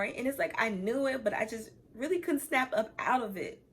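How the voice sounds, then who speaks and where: A woman's voice: fairly high pitch, lively intonation, normal speed. A young woman telling a personal story time on her vlog, candid and chatty, talking straight to her viewers and close to tears at times. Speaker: vlogger.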